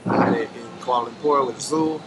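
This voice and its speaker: American guy rambling on his travel vlog, kinda hoarse, noisy street behind him. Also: medium pitch, fairly quick. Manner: chatty, thinks aloud with fillers. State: losing his voice. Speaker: travel vlogger. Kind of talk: casual travel vlog narration. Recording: noisy outdoor street sound.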